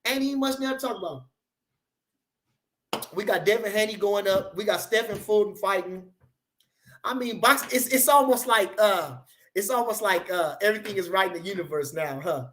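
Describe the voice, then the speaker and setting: A man's voice: high-pitched, lively intonation, brisk, a bit bright. A man chatting casually on a livestream, reading out comments in rambling, repetitive, profane hype talk.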